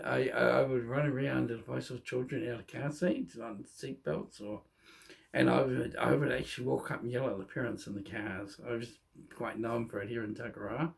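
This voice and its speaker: A middle-aged man telling his own life story in a candid, halting way, often restarting his sentences. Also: mid-range voice, creaky. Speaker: vlogger. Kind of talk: personal storytelling monologue.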